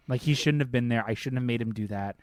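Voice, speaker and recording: A man's voice: mid-range voice, fast talker, a loud crowd. A man co-hosting a podcast in casual chat, with a chatty, loose delivery full of "like". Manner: chatty, heavy use of "like". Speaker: podcast co-host.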